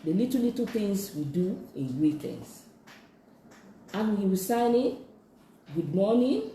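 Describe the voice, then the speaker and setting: A sign language instructor, teaching slowly and patiently in a live-streamed lesson, repeating each phrase many times. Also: mid-range voice, warm tone, a little hiss or hum. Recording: echoey room.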